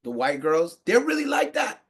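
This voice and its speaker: An American man giving a casual, slangy monologue to the camera, animated and quick to laugh. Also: high voice, slightly rough. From United States. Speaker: podcast host.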